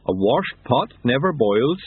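A man voicing a calm, good-natured male yeti who speaks in an unhurried, matter-of-fact way, over tinny narrowband audio. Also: medium pitch, breathy edge, no room sound. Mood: placid.

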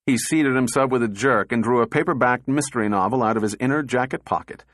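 A man narrating an audiobook in a steady, even reading voice. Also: mid-range voice, fast, hardly any pauses, no echo, clean studio sound.

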